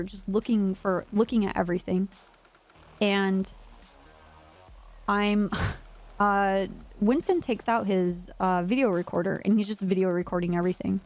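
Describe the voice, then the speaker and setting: A woman streaming a roleplay game, telling a story in character in a casual way, full of "like" and swearing. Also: mid-range voice. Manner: animated, lots of "like", frequent swearing.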